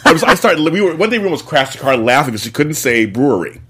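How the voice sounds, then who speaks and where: A man's voice: a little high, big pitch swings, fast, sharp tone, breathy edge. A man hosting a casual interview, chatty and gushing, laughing often. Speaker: host.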